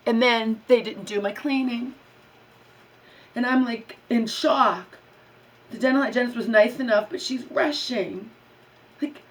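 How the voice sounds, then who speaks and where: A woman's voice: a little high, far from the mic, rough recording. A woman vlogger in an angry personal rant about a bad day, agitated, swearing and repeating herself.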